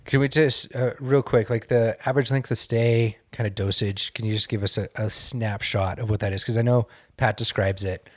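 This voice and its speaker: A man's voice: lowish voice, fairly even intonation, normal speed, hardly any pauses. A man co-hosting a casual podcast discussion, conversational and hedging with filler words. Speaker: podcast co-host.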